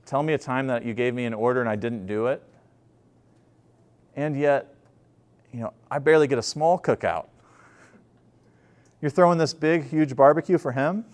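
A preacher acting out a bitter, indignant older brother. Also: male voice, mid-range voice, normal speed, long pauses, close to an everyday voice. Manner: bitter, exasperated complaining. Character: indignant older brother, young man, resentful.

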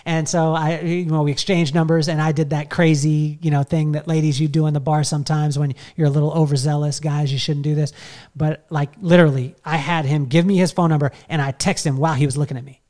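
A man's voice: fairly high pitch, level tone, brisk, a little mellow. A middle-aged man telling a long personal story in a casual, rambling way, full of fillers and restarts. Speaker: podcast host telling a story.

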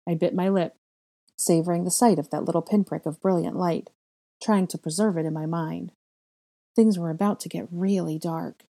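A woman narrating fan fiction as an audiobook in a steady, measured reading voice. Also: fairly low pitch, vocal fry. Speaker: fanfiction reader.

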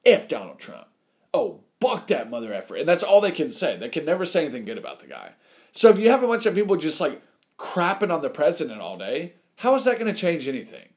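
A man's voice: a little high, quick pace. A man chatting casually and animatedly, giving blunt opinions with lots of cursing and acted-out quotes. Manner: animated, swears a lot, acts out quotes.

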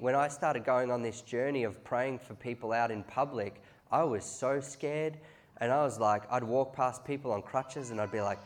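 A man preaching a sermon in a loose, conversational way, full of asides and quick restarts. He often climbs into loud, excited bursts before dropping back to a quieter, confiding tone. His voice sits in an ordinary middle pitch for a man. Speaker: pastor.

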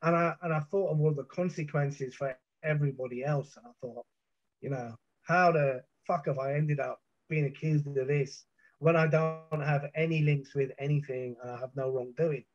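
On muffled, dull podcast audio, a middle-aged British guest emotionally narrates an ordeal he lived through, vivid and intense, with restarts and swear words. His voice is on the high side, with fairly even intonation at normal speed.

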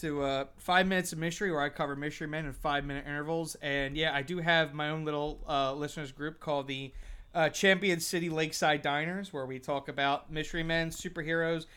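A man's voice: on the high side, fairly even intonation, brisk, pushed and bright, clean tone. A man guesting on a podcast, talking in a rambling, hesitant way with frequent laughs. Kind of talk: casual chat.

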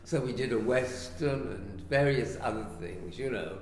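Older male guest from England, lively raconteur, roomy reverberant sound. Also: medium pitch, normal speed, a little hiss or hum. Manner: animated, acts out quoted voices. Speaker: guest, writer and actor. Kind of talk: anecdotal storytelling. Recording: echoey room with long reverb.

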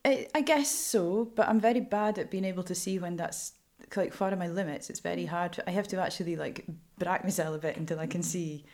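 A Scottish woman journalist talking frankly in an interview, animated and laughing often. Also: fairly low pitch, a little fast, few pauses. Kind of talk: candid interview storytelling.

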